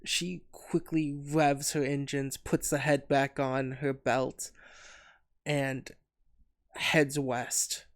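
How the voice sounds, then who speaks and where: A player in a tabletop role-playing game who talks in a lively, slow and deliberate way. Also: mid-range voice.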